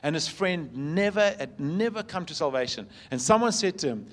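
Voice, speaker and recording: Earnest man preaching, higher-pitched voice. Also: lively intonation, moderate pace, few pauses. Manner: earnest storytelling, emphatic and repetitive; swings from loud emphasis to soft, quiet passages. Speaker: pastor. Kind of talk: sermon.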